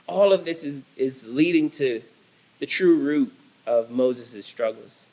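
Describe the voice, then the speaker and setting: A man's voice: medium pitch, slow, a little mellow, rough recording. A male pastor preaching a sermon, emphatic and repetitive, restarting phrases as he builds.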